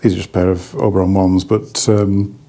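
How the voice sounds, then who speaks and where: A man's voice: low-pitched, little pitch movement, a little fast, mellow. A man giving a casual, rambling hi-fi product review, slightly out of breath, with many restarts.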